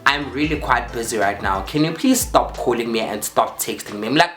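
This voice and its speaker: A man's voice: mid-range voice, fairly quick. South African man telling a dramatic story. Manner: animated, dramatic storytelling with repeated phrases and voiced quotes. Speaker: vlogger. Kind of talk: storytime vlog. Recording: roomy echo with faint music.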